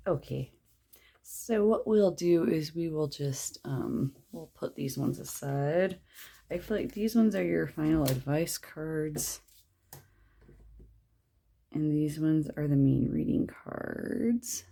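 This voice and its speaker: Low, gravelly woman reading tarot. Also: slow, warm tone. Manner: chatty, rambling, drops to a whisper at times. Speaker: tarot reader. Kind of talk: casual tarot reading to camera.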